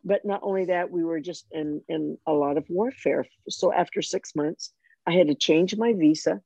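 An older woman telling a personal faith story in conversation, animated and self-mocking, with frequent restarts. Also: fairly low pitch, normal speed, creaky, no echo. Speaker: guest sharing her testimony.

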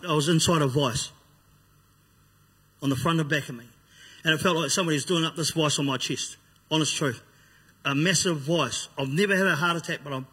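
Giving his personal testimony, a man speaks bluntly and rawly, acting out things he once said. His voice is on the high side, bright and forceful with a slight roughness, and a long hall reverb surrounds it.

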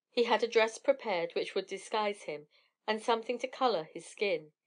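A woman narrating a classic fairy tale in a measured, even storytelling manner. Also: mid-range voice.

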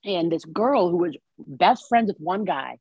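A woman's voice: fairly low pitch, expressive, unhurried, a little mellow, breathy edge, dry recording. A woman co-hosting a podcast, chatting casually in a laid-back, rambling way. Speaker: podcast co-host. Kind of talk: casual recap chat. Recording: slightly muffled dry mic.

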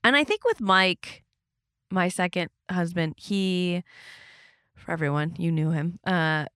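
A woman in her thirties hosting a podcast, telling stories in a casual chat and jumping to high squeaky pitch when she quotes herself. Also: a little slow, a bit bright, clear, resonant tone, dry recording, studio quality. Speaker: podcast host.

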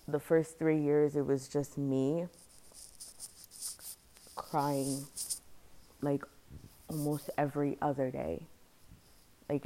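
Young woman, slow-paced, mellow dark tone, soft reflective personal storytelling. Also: low-pitched. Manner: soft-spoken and reflective, often quiet. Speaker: podcast speaker sharing a personal story.

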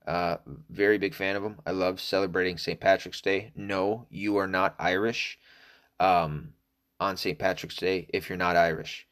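A middle-aged man from the American South talks solo in a low, steady, fairly bright voice at an unhurried pace. His casual monologue is profane and rambling, wandering off-topic and packed with fillers.

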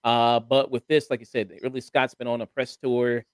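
A man's voice: mid-range voice, flat delivery, moderate pace, smooth, dry recording. A man hosting a casual review chat, talking in a rambling way with lots of hesitant fillers. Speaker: podcast host.

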